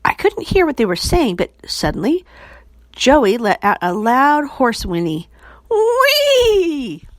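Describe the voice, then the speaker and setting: Woman, children's book read-aloud, expressive, lively pitch, dry close sound. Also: a little slow, no echo. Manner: expressive, animated. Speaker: storybook reader.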